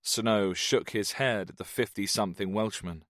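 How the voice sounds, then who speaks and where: Casting: male audiobook narrator, steady thriller reading, dry close recording. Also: lowish voice, normal speed, few pauses, dry recording. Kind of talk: scripted narration.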